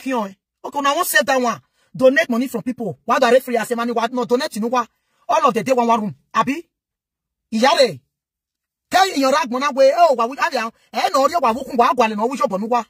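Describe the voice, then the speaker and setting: Brief: Nigerian woman vlogger, high pitch, scolding rant, dry close sound. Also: fairly bright tone, breathy edge, no echo. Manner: scolding, switches between Pidgin and local languages. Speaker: social media commentator. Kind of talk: impassioned rant to camera.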